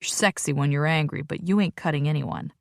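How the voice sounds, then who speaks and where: A woman voicing a gruff, protective male biker who swears bluntly and gives orders. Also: on the high side, brisk, no echo, clean studio sound. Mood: angry. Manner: profane, commanding.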